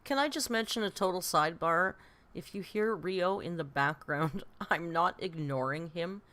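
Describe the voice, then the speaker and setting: A woman's voice: on the low side, moderate pace, fairly bright tone. A woman hosting a live react stream, chatting with joking asides. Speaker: channel host reacting to a video.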